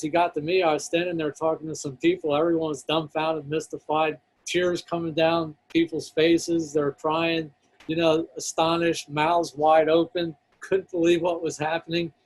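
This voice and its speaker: A man's voice: on the high side, flat delivery, a little slow, rough recording. Earnest man telling a story. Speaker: guest. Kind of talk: storytelling in a talk show.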